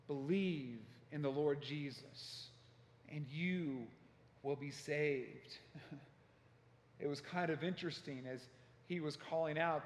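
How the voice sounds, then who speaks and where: Male pastor, sermon, impassioned storytelling, fairly high voice, echoey church hall with long reverb. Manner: impassioned storytelling, acts out quoted shouts. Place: church sanctuary.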